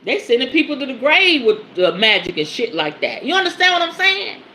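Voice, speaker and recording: Lively woman host going off about feelings, bright voice, swears a lot, faint room hum behind. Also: brisk. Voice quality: lively, animated pitch swings. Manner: earthy, emphatic, swears casually, laughs often. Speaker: podcast host and spiritual teacher. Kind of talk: casual spoken teaching monologue.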